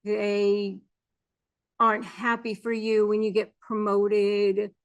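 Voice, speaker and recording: A woman's voice: medium pitch, little pitch movement, slow pace. A middle-aged woman giving earnest advice to camera as a coach, explaining behaviors and mimicking phrases people say. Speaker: narcissism negotiation coach.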